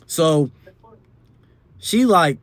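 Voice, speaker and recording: A man's voice: a little high, animated, extremely slow. A young man telling a wild party story in a casual, slangy and profane way. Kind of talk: storytime vlog.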